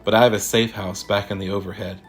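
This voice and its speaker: Weary practical guy, read by a man, low, matter-of-fact, horror story. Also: level tone, quick pace, soft background music, natural voice. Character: calm male companion, practical and weary.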